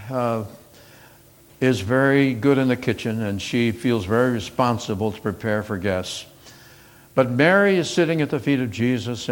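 A man preaching a sermon, retelling scripture stories earnestly, with frequent fillers and restarts. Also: mid-range voice.

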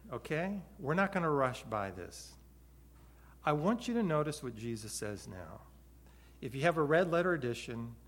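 Storytelling pastor, fairly high voice. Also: male voice. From Hawaii. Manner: storytelling with big swings between loud and soft. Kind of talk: sermon.

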